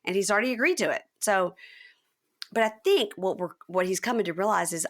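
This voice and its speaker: A woman's voice: mid-range voice, brisk, a bit bright. A woman hosting a podcast, animatedly retelling a reality show scene and acting out the couple's lines. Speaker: podcast host. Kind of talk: casual recap chat.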